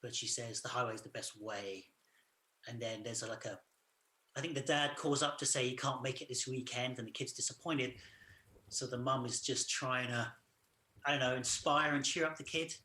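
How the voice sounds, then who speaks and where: Bright-voiced man retelling a film plot. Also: medium pitch, steady tone, normal speed, roomy sound. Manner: loose retelling of the plot, full of "sort of" and "like". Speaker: podcast co-host. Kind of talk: casual film review chat.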